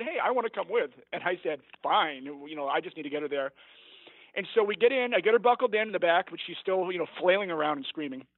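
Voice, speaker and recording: A man's voice: fairly high pitch, no room sound. A man, a teacher and writer, telling a long personal story as a podcast guest, rambling and correcting himself as he goes. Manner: rambling, self-correcting, laughs at his own story. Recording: dry, phone-like line.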